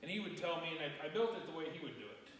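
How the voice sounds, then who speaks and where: A man's voice: fairly high pitch, a bit bright, slight background noise. Far-off, echoey man telling an emotional story. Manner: emotional, sentimental, halting. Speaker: interview guest, truck owner. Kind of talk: casual storytelling interview. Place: his own shop, indoors. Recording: roomy echo from far off.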